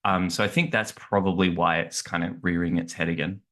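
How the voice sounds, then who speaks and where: A man's voice: low-pitched, steady tone, a little fast, fairly bright tone. A man co-hosting a casual language podcast, rambling and hesitant with many restarts and laughs. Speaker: podcast co-host. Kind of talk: casual chat.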